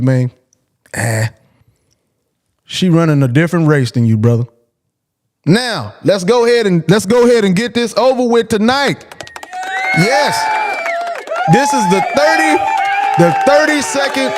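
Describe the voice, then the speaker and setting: Male host, high-pitched voice, blunt and emphatic, repeats himself, casual monologue. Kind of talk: casual call-in show monologue.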